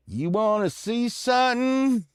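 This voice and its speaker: A man's voice: very high-pitched, animated, unhurried, clear, resonant tone, no echo, clean studio sound, voice pushed up. A man playing a foolish, creepy stranger, coaxing in a slightly raised voice. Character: creepy, foolish adult man calling to boys.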